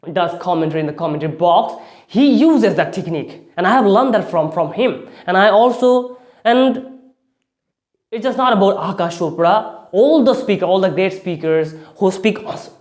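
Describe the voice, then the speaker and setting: A man's voice: sits high, darkish tone. A man giving a spoken English lesson, often restarting phrases and leaning hard on key words. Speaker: English speaking teacher.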